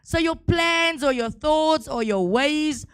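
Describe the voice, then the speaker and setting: Emphatic high-voiced woman preacher. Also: slow pace, dry recording, studio quality. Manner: repetitive, emphatic preaching with rising peaks. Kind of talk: sermon.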